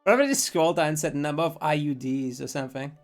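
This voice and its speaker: Streamer rambling and cussing over a game, soft music in the back. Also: mid-range voice, expressive, fast. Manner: blunt, swearing, rambling asides with laughter. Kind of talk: live game stream commentary.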